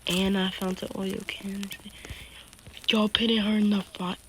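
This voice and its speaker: A woman's voice: mid-range voice, level tone, measured pace, noisy background. A woman casually talking through her own video game play, often dropping into a whisper. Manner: chatty, keeps drifting into whispers. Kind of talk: casual gameplay commentary.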